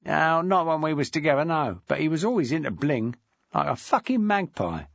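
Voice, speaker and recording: A man voicing a brash, crude, sharp-tongued ex-wife in a storybook reading. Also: on the high side, very animated, moderate pace, gravelly, no room sound, highs cut off, voice pushed up, full character voice. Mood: coarse, defiant. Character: coarse, brash chain-smoking ex-wife, a woman.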